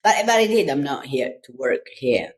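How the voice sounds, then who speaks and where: A woman from Italy, a design consultant talking in an interview, lively and quick to laugh. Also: rumbling low, husky. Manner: lively, laughs often, repeats words when searching. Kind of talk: interview conversation.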